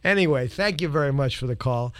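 A man hosting a call-in radio show, wry and measured, speaking from a studio microphone. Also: medium pitch, lively intonation, fairly bright tone, dry recording.

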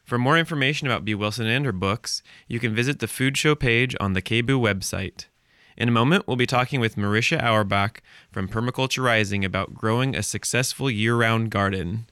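A man hosting a community radio food show, introducing segments and interviewing a guest in the studio with a measured announcer delivery. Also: mid-range voice, bright, forceful tone, smooth, dry recording. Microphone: studio microphone.

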